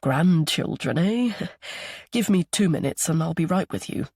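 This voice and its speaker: A man voicing a kind, regretful older grandfather who speaks gently and politely. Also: a little high, lively intonation, normal speed, gravelly, breathy edge, no room sound, studio quality, exaggerated voice. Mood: gentle.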